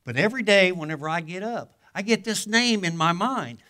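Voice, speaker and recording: A man's voice: high voice, expressive, fairly quick, hardly any pauses. Folksy older man preaching a sermon. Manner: folksy storytelling, swings from loud exclamations to hushed asides; colloquial grammar. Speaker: guest pastor.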